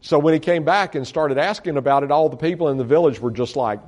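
A man's voice: fairly high pitch, quick pace, few pauses, darkish tone. A man speaking as a missionary, talking a congregation through slides in a folksy, earnest way, with many fillers and restarts. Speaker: missionary reporting to supporters. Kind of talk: slide-show talk to a congregation.

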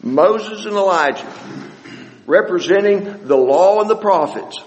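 High-voiced man preaching a Bible study. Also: expressive, big-room sound, dull audio. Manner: halting, repeats words while searching.

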